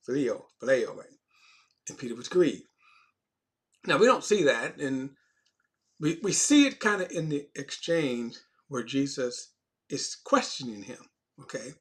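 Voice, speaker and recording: A man teaching an informal Bible lesson in a conversational, unscripted way. His pitch sits a little high for a man, and he repeats and restarts phrases as he leans hard on key words. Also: very animated, unhurried, long pauses.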